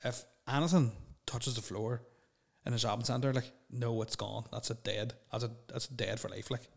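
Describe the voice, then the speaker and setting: A man's voice: mid-range voice, steady tone, normal speed, vocal fry. A young man hosting a solo podcast, rambling and swearing bluntly as he answers listener questions. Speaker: podcast host.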